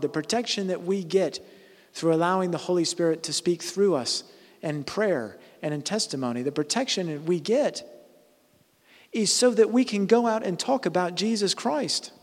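A man's voice: on the high side, long reverb tail. A man preaching a conversational sermon, earnest, often restarting and correcting himself mid-sentence.

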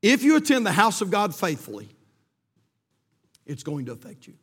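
High-voiced impassioned male pastor. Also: huge pitch swings, normal speed, slightly rough. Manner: impassioned, surging then dropping to quiet emphasis. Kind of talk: sermon. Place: church sanctuary. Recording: long reverb of a church hall.

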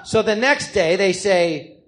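Casting note: profane male stand-up storyteller, 50s, from California, high-pitched. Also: slow, slight background noise. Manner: animated, profane, acts out the people he quotes. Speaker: comedian telling his story. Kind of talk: live storytelling monologue. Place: live theater stage.

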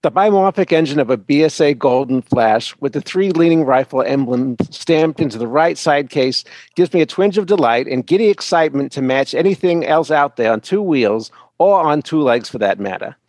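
Co-host reading mail on air, middle-aged man, slightly raised pitch, dry close sound. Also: lively intonation, normal speed, hardly any pauses, a little mellow, dry recording. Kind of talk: reading a listener email aloud.

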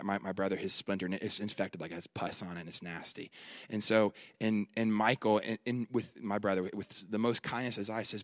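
Low-voiced man preaching a sermon. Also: steady tone, brisk, no echo, clean studio sound. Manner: repeats phrases, builds to loud emphatic peaks. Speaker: conference preacher.

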